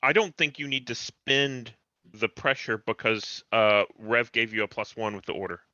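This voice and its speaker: A man playing a tabletop game, describing a scene quickly over an online call. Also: mid-range voice, pushed and bright, no echo. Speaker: player. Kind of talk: casual tabletop play. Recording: dull, lo-fi online call mic.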